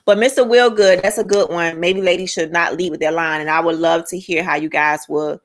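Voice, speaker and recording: A woman co-hosting a casual podcast chat, reading out viewer comments and reacting in an animated, lively way. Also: fairly low pitch, brisk.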